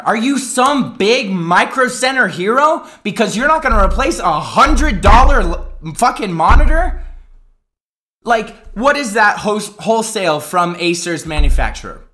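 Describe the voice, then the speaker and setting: A man live streaming from his home setup into a desk microphone, ranting in a frustrated, profane, animated way. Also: sits high. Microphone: desk microphone with headset.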